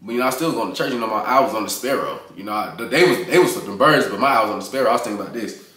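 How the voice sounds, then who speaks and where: A man hosting a music reaction video, chatting in a hyped, excited way and talking over the track. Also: fairly low pitch, rapid-fire, recorded from a distance. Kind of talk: casual music reaction commentary. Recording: echoey room with music playing.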